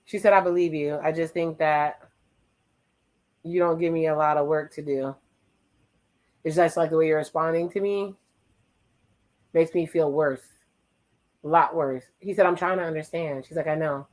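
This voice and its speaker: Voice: medium pitch, fairly even intonation, a little mellow, low-quality recording. Playful reality-show commentator. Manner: playful, teasing, recaps dialogue in quick asides. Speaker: watch-along commentator.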